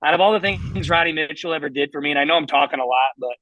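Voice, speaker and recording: A man's voice: a little high, racing, fairly bright tone, no room sound, highs cut off. A man in his thirties, a racing guest telling long self-mocking stories in a casual interview. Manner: rambling, self-mocking storyteller.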